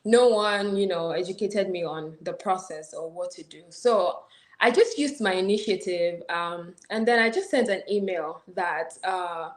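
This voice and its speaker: A woman from Nigeria with a Nigerian accent blended with American tones, telling her story as an interview guest in an animated way. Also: fairly low pitch, unhurried, reverberant. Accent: Nigerian with American influence. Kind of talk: casual interview.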